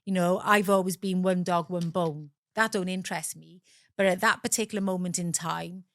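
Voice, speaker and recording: A woman's voice: on the low side, fairly even intonation, normal speed, no echo, studio quality. A middle-aged woman from Wales with a South Welsh accent, a guest telling her own story candidly, swearing freely and acting out the voices of people in it.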